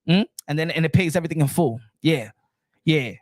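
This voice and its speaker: A man giving casual boxing commentary, animated, repeating himself and firing off rhetorical questions. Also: on the high side, racing, dry recording, clean studio sound. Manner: animated and repetitive, many restarts and rhetorical questions.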